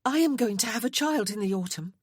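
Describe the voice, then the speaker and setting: A woman's voice: mid-range voice, expressive, normal speed, breathy edge, no echo, studio quality, pitched above the performer's own voice. Agnes, a woman reading as an earnest young wife. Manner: impulsive, earnest. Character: young woman, newly wed, emotional, affectionate.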